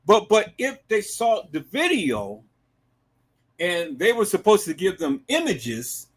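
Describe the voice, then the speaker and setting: A man hosting a live stream, giving emphatic commentary to his viewers, dropping to low murmurs and rising to shouted outbursts. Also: wildly swooping pitch, slow pace, breathy edge. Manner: emphatic, repeatedly addresses viewers as "peoples".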